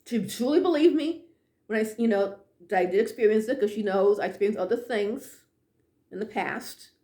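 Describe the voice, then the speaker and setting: A woman telling a personal ghost story in an animated way, dropping to hushed tones at the tense moments. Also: mid-range voice, moderate pace, reverberant.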